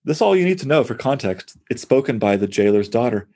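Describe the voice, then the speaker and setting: A man's voice: mid-range voice, very animated, fast, warm tone. A man, a poet, talking through poems in an enthusiastic, thinking-aloud conversational way. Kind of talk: conversational close reading of poetry.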